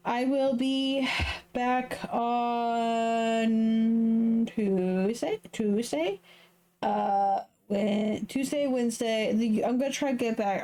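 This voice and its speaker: A woman from the Southern United States chats casually on a live stream. She meanders through her thoughts with plenty of ums and uhs. Her voice sits at an ordinary middle pitch. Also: warm tone. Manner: chatty, meandering, many fillers. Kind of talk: casual chat.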